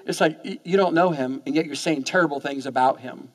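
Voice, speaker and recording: A man preaching a sermon in church, talking fast and often repeating words as he goes. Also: fairly high pitch. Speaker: pastor.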